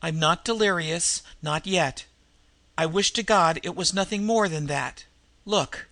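A man voicing a sick, desperate woman criminal in disguise, who speaks in a hoarse, labored voice with slangy underworld talk. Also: a little high, measured pace, bright, forceful tone, no echo.

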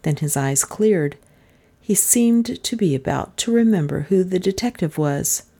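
Low, mellow woman narrating. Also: animated, measured pace, slightly rough. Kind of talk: audiobook narration.

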